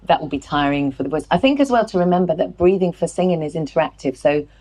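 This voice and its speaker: A woman vocal coach on stage, explaining how the voice works in a clear, instructive and encouraging way. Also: low voice, quick pace, warm tone. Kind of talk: explaining and leading vocal warm-ups. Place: stage before a live audience.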